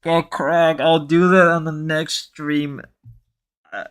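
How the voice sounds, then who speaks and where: A man hosting a casual livestream, chatting and reading his viewers' messages aloud. He rambles and stumbles through restarts. His voice is bright, with a crisp, smooth clarity. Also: a little high, slow.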